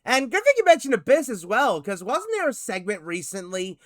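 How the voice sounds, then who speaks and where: Bright, high-voiced podcast host. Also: male voice, very animated, fairly quick, dry recording, clean studio sound. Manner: upbeat, hands questions to co-hosts. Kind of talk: casual chat.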